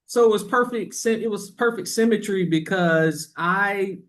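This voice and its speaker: A man from Florida, a real estate agent, talking about his career and the housing market as a guest, affable and quick to agree. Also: high voice, fairly bright tone. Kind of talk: casual interview conversation.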